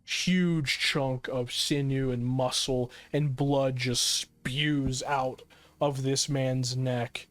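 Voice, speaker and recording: Male game master, slow descriptive narration, filler-heavy. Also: medium pitch, steady tone.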